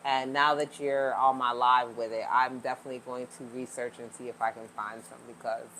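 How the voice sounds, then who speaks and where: A woman's voice: rumbling low, flat delivery, fairly quick, fairly bright tone, a little hiss or hum. A woman hosting a casual livestream from home, chatting with viewers and laughing often. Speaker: livestream host.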